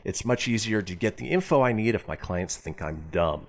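A man's voice: on the low side, expressive, a little fast. A male radio host chatting casually and reading listener messages aloud with a jokey manner.

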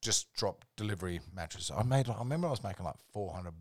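An Australian man with a fairly low voice tells rambling work stories as a podcast guest. His talk is relaxed and full of swearing. The sound is dry and close, with no room to it. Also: quick pace, dry recording. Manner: laid-back, sweary, rambling anecdotes. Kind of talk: casual storytelling chat.

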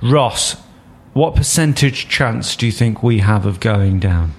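A man's voice: lowish voice, expressive, a little slow, a little hiss or hum. A man hosting a casual sports podcast, steering the chat with dry joking asides. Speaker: podcast host.

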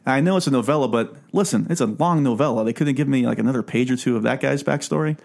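A man's voice: medium pitch, quick pace, creaky, a little mellow. A man hosting a casual podcast chat, talking in a chatty, jokey way. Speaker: podcast host.

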